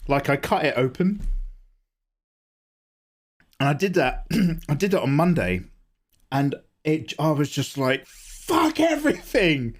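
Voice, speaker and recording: A young man streams himself drawing and chats loudly to his viewers, swearing freely. His croaky voice jumps up and down in pitch with lots of energy. It is picked up close on a desk microphone at home. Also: unhurried, pauses often. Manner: animated, swears a lot, talks loudly. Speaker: livestreaming artist. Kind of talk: casual chat while drawing.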